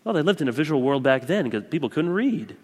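A man's voice: a little high, very animated, fast, a little mellow. A man in his thirties preaching a sermon as a pastor, passionate and emphatic with frequent repetition. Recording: long reverb from a large room.

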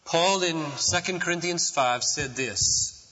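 A middle-aged man preaching a sermon in a church, slow and impassioned, rising to shouts at his peaks. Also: medium pitch, animated. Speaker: pastor. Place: church sanctuary. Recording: muffled sound with long hall reverb.

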